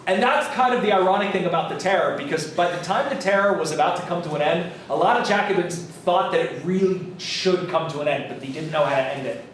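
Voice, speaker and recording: High-voiced man lecturing in an echoey classroom. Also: quick pace, few pauses, far from the mic, a little hiss or hum. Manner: casual, storytelling, swears and laughs with students. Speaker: college history lecturer. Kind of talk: lively classroom lecture with acted-out quotes. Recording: echoey classroom recorded from afar.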